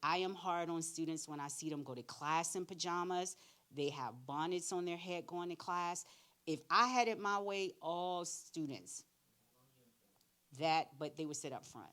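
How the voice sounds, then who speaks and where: A middle-aged woman giving a candid career-readiness talk, animated and plain-spoken, acting out both sides of her stories. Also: fairly low pitch, a little slow. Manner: animated storyteller, acts out both sides of conversations. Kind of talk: church workshop talk with acted-out anecdotes.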